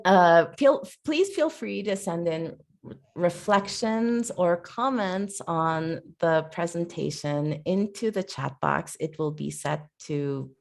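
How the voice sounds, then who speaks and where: Low gravelly woman hosting a video call. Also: darkish tone. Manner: stumbling over words, with fillers. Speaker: host introducing a speaker. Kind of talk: reading an introduction on a video call.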